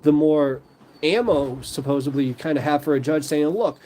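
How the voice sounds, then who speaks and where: A man's voice: fairly high pitch, flat delivery, normal speed, warm tone. A man hosting a live stream in casual chat, rambling with lots of fillers.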